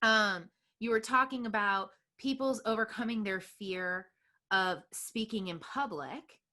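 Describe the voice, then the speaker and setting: A woman's voice: medium pitch, unhurried, bright, forceful tone. A woman hosting a business podcast, encouraging and affirming her guest as she reflects and asks questions. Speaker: podcast host. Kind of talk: podcast interview conversation.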